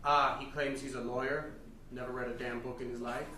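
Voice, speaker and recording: A man playing a stern deadpan Amish father. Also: medium pitch, fairly quick, very noisy, lightly acted. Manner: dry, blunt, deadpan put-downs. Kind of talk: live improv comedy. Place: live stage venue with audience. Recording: echoey room from far off, crowd.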